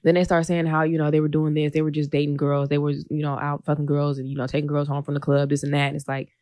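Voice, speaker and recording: A woman's voice: low voice, flat delivery, quick pace, mellow, no room sound. A woman co-hosting a podcast in casual chat, teasing and slangy. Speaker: podcast co-host.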